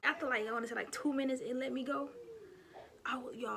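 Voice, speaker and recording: A young woman vlogger telling a childhood story in a chatty, animated way, talking straight to her viewers. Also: on the high side, moderate pace, noisy background. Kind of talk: casual storytime.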